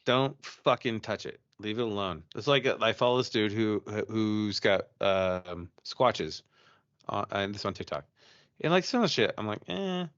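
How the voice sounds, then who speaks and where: A man's voice: on the low side, expressive, moderate pace, fairly bright tone, dry recording, muffled recording. A man co-hosting a podcast, chatting casually and telling a ghost story, profane and rambling with many restarts. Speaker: podcast co-host.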